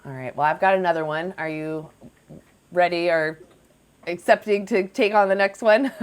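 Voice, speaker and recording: A woman's voice: lowish voice, moderate pace, smooth. A woman hosting a live debate stream, challenging callers in a scolding, confrontational way. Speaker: livestream host debating callers.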